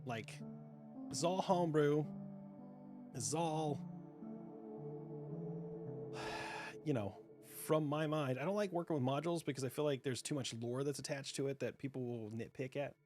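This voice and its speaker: A man's voice: medium pitch, measured pace, long pauses. A man hosting as dungeon master, chatting casually and loosely on a call during a break, with frequent restarts and laughs. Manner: rambling, many restarts, laughs often. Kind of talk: casual chat during a livestreamed game break. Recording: background music under the voice.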